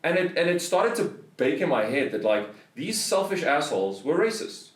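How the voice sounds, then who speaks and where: A man's voice: fairly high pitch, big pitch swings, normal speed, reverberant, distant mic. A South African man on a podcast, telling a story in a heated, swearing rant. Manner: swears a lot, heated ranting. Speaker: podcast host. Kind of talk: casual storytelling.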